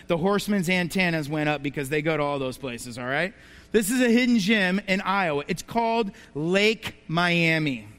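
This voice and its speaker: A man's voice: high voice, fairly bright tone. A man preaching a sermon as a pastor, telling stories and asking the congregation rhetorical questions. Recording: reverberant hall.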